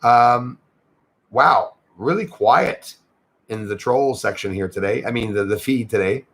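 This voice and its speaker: A man's voice: mid-range voice, a little slow, fairly bright tone. A Canadian man hosting a casual livestream, chatting loosely and thanking viewers by name as he reads their comments. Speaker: livestream host.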